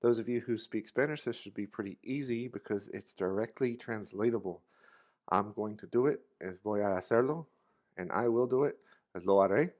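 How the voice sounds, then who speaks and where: A man giving a relaxed, casual English grammar lesson, explaining future tenses with a few fillers. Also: lowish voice, moderate pace. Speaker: English teacher.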